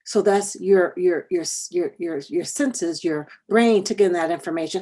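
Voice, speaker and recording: Husky-voiced woman telling a story. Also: fairly low pitch, measured pace, dark tone. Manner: conversational, repeats words while telling a personal story. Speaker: workshop presenter. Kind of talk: storytelling talk to parents and educators.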